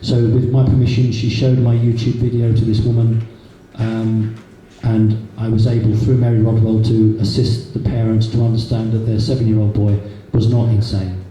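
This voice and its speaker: Guest speaker, man, dark mellow voice, echoey hall with faint hiss. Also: fairly low pitch, level tone, normal speed, hardly any pauses, recorded from a distance. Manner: chatty anecdotal storytelling with repeats. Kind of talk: public talk to a live audience. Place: meeting hall. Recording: echoey hall from a room recorder, faint noise.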